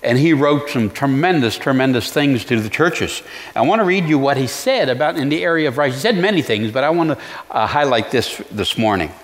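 A male pastor preaching a sermon in an earnest way, pausing to reflect and restarting his phrases. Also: mid-range voice, expressive, in a large hall.

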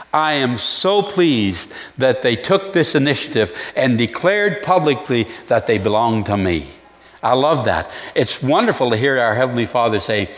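A male pastor preaching a sermon in an earnest way, pausing to reflect and restarting his phrases. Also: medium pitch, sing-song, big-room sound.

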